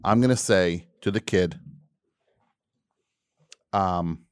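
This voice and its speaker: A male radio host with a lowish voice launches into a comedic, grumbling rant. He spins the story with exasperated mock outrage, keeping it loose and conversational. The studio sound is dry and close to the mic. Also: slow, clean tone, dry recording. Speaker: radio call-in show host.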